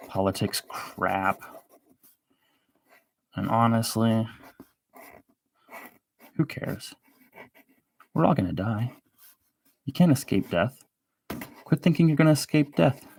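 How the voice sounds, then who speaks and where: Low-voiced man rambling while drawing. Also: creaky, a little hiss or hum. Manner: rambling, restarts often, sardonic asides. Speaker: show host. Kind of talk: rambling live-stream commentary while drawing.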